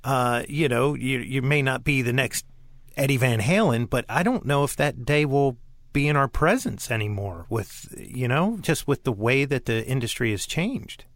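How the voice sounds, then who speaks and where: A man's voice: medium pitch, expressive, normal speed, no echo. A man hosting a podcast, chatting casually and animatedly with frequent laughs. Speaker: podcast host. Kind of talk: casual interview chat.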